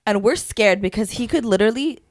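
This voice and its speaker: A woman's voice: a little high, fairly quick, no room sound, clean studio sound. A woman co-hosting a podcast, telling a story in casual chat and acting out the voices of the people in it. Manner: animated, acts out voices while telling a story. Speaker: podcast co-host.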